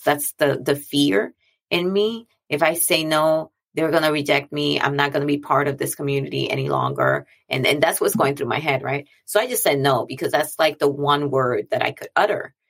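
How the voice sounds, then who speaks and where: A woman's voice: low-pitched, fairly bright tone. A woman speaking earnestly in a reflective monologue, talking casually and repeating phrases for emphasis. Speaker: speaker on mental health and boundaries.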